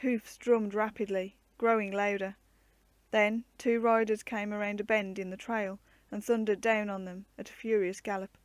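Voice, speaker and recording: A woman reading an adventure book aloud as a storyteller, measured and expressive. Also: medium pitch, no echo.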